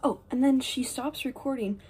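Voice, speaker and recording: Rambling teenage girl, mellow voice. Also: high voice, normal speed, husky. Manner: rambling, lots of "like" and "um", drifting into quiet asides. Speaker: vlogger. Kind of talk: casual get-ready-with-me storytelling.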